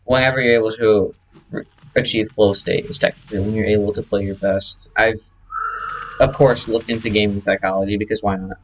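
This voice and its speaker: A man's voice: fairly low pitch, fairly even intonation, fairly quick, slight background noise, poor audio. Chatty man explaining his speedrun. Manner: chatty, explanatory, self-correcting. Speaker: speedrunner reviewing his own run. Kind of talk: casual game commentary over replay footage.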